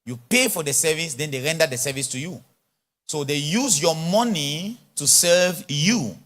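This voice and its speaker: A man's voice: on the high side, moderate pace. A man preaching a sermon at a conference, speaking with an influence and acting out little dialogues. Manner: animated, mixes in pidgin English and acted-out dialogue. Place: large church or conference hall.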